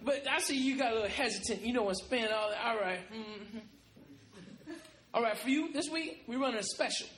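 A male comedian voicing a smooth-talking male pimp, a hustler who makes his pitch in slangy, wheedling sales patter. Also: brisk, fairly bright tone. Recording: echoey comedy club with laughing crowd.

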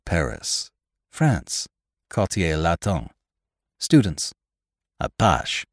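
A man's voice: low-pitched, huge pitch swings, extremely slow, husky, no room sound, studio quality, full character voice. A man voicing a cool, relentless detective. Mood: probing. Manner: clipped, sharp word-firing.

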